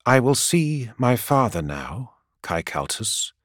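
Sanguinius, a man voicing a calm noble angel-prince. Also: on the low side, unhurried, dry recording, clean studio sound. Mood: calm resolve.

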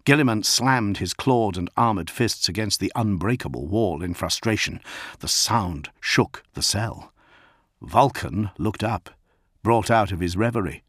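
A man narrating an audiobook in a measured, dramatic way. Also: on the low side, a bit bright, breathy edge, no room sound, clean studio sound.

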